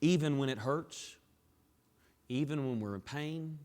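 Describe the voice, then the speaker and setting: A man preaching a sermon in a church, dropping to hushed tones and building to raised, emphatic climaxes. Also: a little high, measured pace. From Southern US. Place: church sanctuary. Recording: long reverb of a large hall.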